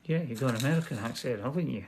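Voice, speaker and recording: A man's voice: medium pitch, expressive, very fast, a little mellow, slight background noise. A man with a British accent, chatting in a dry, matter-of-fact way and reading out viewer comments while co-hosting a live crafting stream. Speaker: co-host of a live glassmaking stream. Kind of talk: casual chat.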